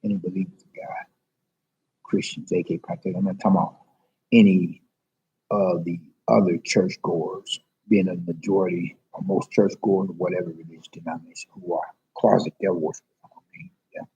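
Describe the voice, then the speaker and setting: A man's voice: low-pitched, fairly even intonation, moderate pace, vocal fry, mellow, slightly rough. A man in a public library rambling emotionally and confessionally on a livestream to his viewers. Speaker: vlogger. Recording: dull lo-fi livestream audio.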